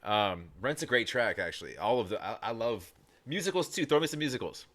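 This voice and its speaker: A man's voice: mid-range voice, lively intonation, a little fast, a bit bright. A man hosting a reaction video, chatting casually with lots of restarts, fillers and the odd curse. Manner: rambling, frequent restarts and fillers, casual swearing.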